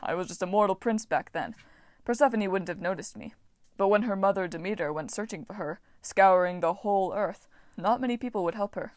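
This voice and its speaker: A woman's voice: mid-range voice, a little fast, darkish tone, no room sound, clean studio sound, close to an everyday voice. Eccentric male farming god, woman reader acting it, chatty, cheerful, self-absorbed, storybook reading.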